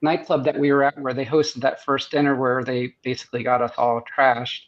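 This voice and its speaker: A surgeon and guest artist from the United States speaks briskly at a medium pitch with little pitch variation. Telling rambling stories on a podcast held over video call, he frequently starts his sentences again and laughs at his own stories. The sound is muffled and lo-fi.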